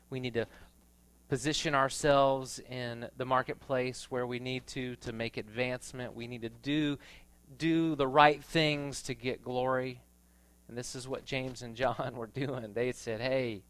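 A man preaching a sermon in a conversational storytelling way, rising to loud emphatic passages. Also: mid-range voice, clear, resonant tone. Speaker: pastor.

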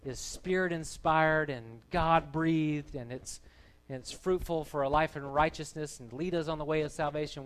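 Pastor, male, slightly high voice, earnest conversational preacher addressing his congregation. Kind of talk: sermon. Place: church gathering.

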